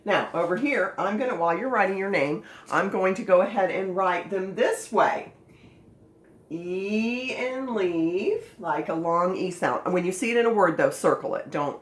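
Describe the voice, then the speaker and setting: A woman gives a recorded phonics lesson to young children. She speaks slowly and clearly, enunciating each word. Her manner is playful and animated. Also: mid-range voice, echoey room. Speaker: phonics teacher.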